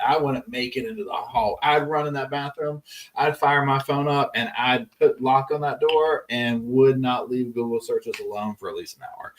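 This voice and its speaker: A man's voice: mid-range voice, recorded from a distance. A man hosting a live true-crime chat stream, rambling casually and reading viewer messages aloud. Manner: chatty, rambling, many restarts, reads chat messages aloud.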